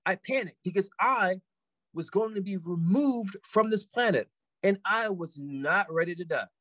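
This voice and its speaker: A man's voice: high voice, lively intonation, moderate pace, fairly bright tone, no room sound, pitched above the performer's own voice. A man voicing a shaken friend recalling a vision. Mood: awed, panicked.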